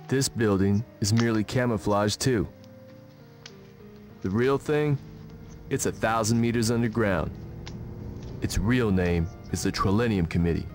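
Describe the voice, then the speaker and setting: An actor playing a brooding young man in a dubbed video game, speaking in a slow, solemn monologue. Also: on the low side, close to an everyday voice.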